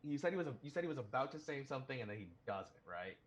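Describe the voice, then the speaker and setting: A man's voice: medium pitch, sing-song, racing, slight background noise. A man playing a tabletop game, chatting casually and joking at his own expense. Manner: chatty, self-deprecating, exclaiming. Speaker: player.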